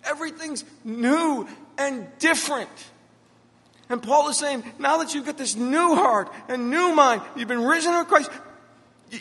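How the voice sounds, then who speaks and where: A middle-aged pastor delivering a sermon, repeating key phrases and telling stories about his own life. His voice sits high and bright, with a forceful edge. The sound rings out with the long reverb of a church hall. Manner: preaching with emphatic repetition and storytelling.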